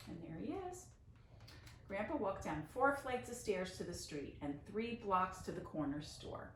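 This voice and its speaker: A woman's voice: medium pitch, big pitch swings, a little slow, fairly bright tone. Woman teacher reading a storybook aloud. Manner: chatty asides to kids, explains Yiddish words. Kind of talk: picture-book reading for children. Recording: roomy, distant mic, faint noise.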